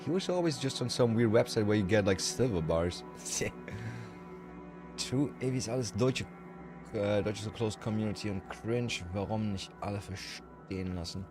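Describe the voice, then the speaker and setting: A German man with a German accent and a low voice chats on a livestream in a rambling, frank and profane way. Soft music plays quietly in the background. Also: normal speed. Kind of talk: casual livestream chat with viewers.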